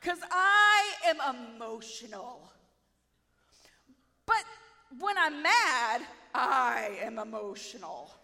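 A woman preaching a sermon in a playful, self-mocking, animated way. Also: a little high, takes it slowly, long reverb tail.

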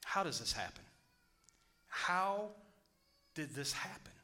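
Male pastor, sermon, bright forceful voice, hushed to loud swings, repeats lines for emphasis. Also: sits high, very animated, slow pace. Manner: reads scripture then preaches, swinging from hushed to loud.

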